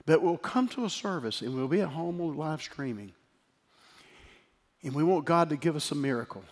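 A man's voice: on the high side, expressive, moderate pace. Emphatic male pastor in a reverberant church. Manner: emphatic preaching that drops to a quiet, tender storytelling tone. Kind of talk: sermon. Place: church sanctuary. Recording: hall reverb with faint music.

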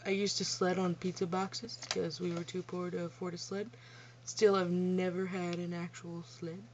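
A woman's voice: fairly low pitch, little pitch movement, normal speed, a little mellow, slight background noise. A young woman telling childhood stories in a casual vlog Q&A, blunt and profane, often laughing at herself. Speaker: vlogger. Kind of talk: casual storytelling Q&A. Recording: dull lo-fi home recording.

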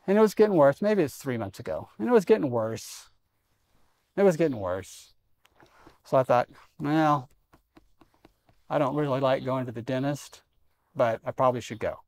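A man's voice: medium pitch, expressive, moderate pace, long pauses, darkish tone. A middle-aged man preaching a sermon in a church, conversational and self-deprecating with humor. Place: church sanctuary.

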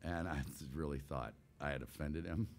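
A guest voice actor in his sixties tells an anecdote casually and with animation, often laughing and acting out scenes. His voice rumbles low and moves at normal speed.

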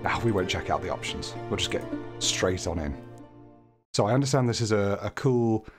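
A man's voice: lowish voice, lively intonation, normal speed. Chatty man hosting a puzzle game playthrough. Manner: chatty, reads on-screen text aloud with light jokes. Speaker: let's play host. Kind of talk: casual gameplay commentary. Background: game music.

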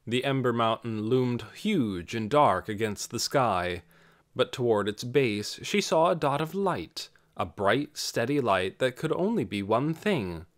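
A man's voice: mid-range voice, measured pace. A man reading an audiobook chapter aloud as its narrator. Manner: expressive storytelling. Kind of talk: scripted narration.

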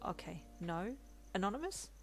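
A woman voicing a cheerful, bashful young male hero who talks softly and eagerly, in a storybook reading. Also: mid-range voice, sing-song, moderate pace, slight background noise. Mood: affectionate. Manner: soft, eager and sweet.

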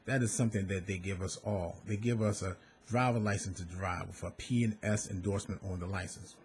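A former bus contractor from Maryland, now a school bus safety advocate, makes a direct, earnest appeal to parents, repeating and stressing his points. His voice is low and darkish, and he speaks fairly quickly, with a little hiss or hum in the recording.

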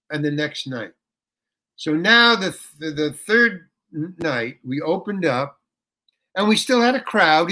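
An older man telling a story as an interview guest, animated and colloquial, often saying "man" and "you know". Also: sits high.

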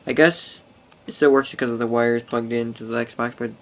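A man's voice: medium pitch, fairly even intonation, normal speed. A teenage boy rambling casually to an iPod camera, full of fillers and swearing. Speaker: vlogger. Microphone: phone or iPod held close.

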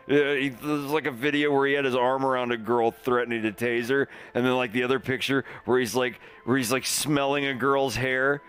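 A man's voice: mid-range voice, little pitch movement, brisk, hardly any pauses, a bit bright, clear, resonant tone. A man chatting casually on a live stream, laughing often and swearing freely.

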